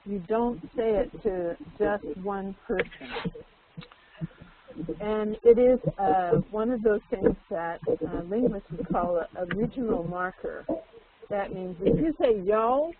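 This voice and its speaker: Slow-spoken woman teacher on a phone line. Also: medium pitch, crowd noise. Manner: calm explaining. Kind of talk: online English lesson.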